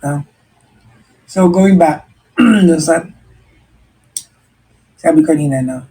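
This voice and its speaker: Replying to a listener, a male radio host with a Filipino accent shares earnest, contemplative life advice, chatting casually in a mix of English and Tagalog and often beginning sentences over. His slightly high voice is dark and husky, with a slow pace and a rough recording.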